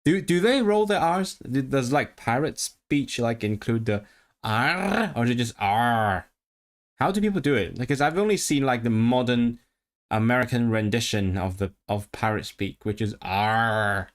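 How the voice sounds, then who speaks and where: A man's voice: medium pitch, lively intonation, normal speed. A man casually chatting on a language-learning livestream, musing aloud, answering chat and practising rolled R sounds.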